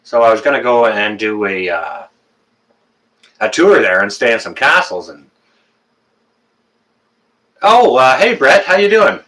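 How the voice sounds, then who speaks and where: A Canadian man in his fifties hosts a relaxed live stream and talks straight to his viewers. His voice sits fairly low and has a bright, forceful edge. He jokes and teases, and he stops often on fillers and restarts. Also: takes it slowly, long pauses. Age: 50s. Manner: joking, teasing, many fillers and restarts. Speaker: livestream host.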